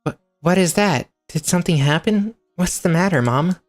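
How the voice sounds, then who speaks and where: A woman's voice: on the low side, moderate pace, faint music behind, pitched above the performer's own voice, close to an everyday voice. Woman doing a chirpy sweet young girl. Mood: worried. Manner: bright and chirpy.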